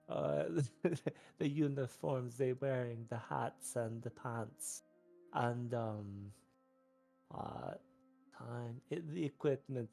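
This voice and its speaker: A man's voice: mid-range voice, creaky, warm tone. A man voicing a laid-back male tropical blackbird, with a Jamaican accent and calling everyone "boy".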